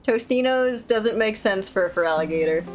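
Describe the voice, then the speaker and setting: A woman streaming a game, chatting casually and sleep-deprived, playful, rambling and quick to laugh. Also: mid-range voice, animated, darkish tone, low-quality recording. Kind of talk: casual gameplay commentary. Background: game music.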